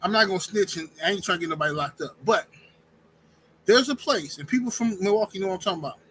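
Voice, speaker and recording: A man hosting a live-streamed talk show, speaking in an animated, emphatic way, often restarting sentences. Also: high voice, fast, slight background noise, low-quality recording. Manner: animated, emphatic, repeats words and restarts, says "bro" and "fam". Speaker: podcast host. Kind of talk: casual opinionated live-stream chat.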